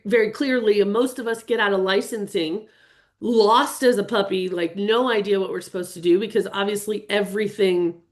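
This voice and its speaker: An earnest middle-aged woman leads a live online session for real estate agents. She speaks with open feeling and talks straight to her viewers. Her voice comes through a computer webcam mic. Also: mid-range voice. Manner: earnest and openly emotional, chatting with viewers. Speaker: real estate business coach hosting a webinar. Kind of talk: live webinar presentation.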